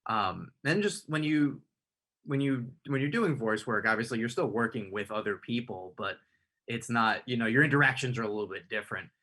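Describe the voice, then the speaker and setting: Male interviewer, husky voice, long rambling questions, restarts. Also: medium pitch, a little fast, pushed and bright. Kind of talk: conversational interview.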